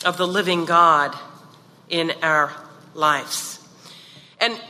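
A woman's voice: medium pitch, pushed and bright, long reverb tail. A woman giving a devotional talk in a casual, joking manner, with many asides to listeners. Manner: chatty, joking, many "you know" asides. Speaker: devotional speaker.

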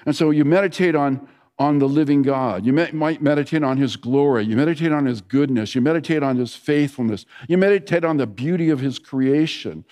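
Man, 60s, pastor, sermon, conversational storytelling, hushed prayers, mid pitch. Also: in a large hall. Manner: conversational storytelling preacher, drops to a soft hush for prayers.

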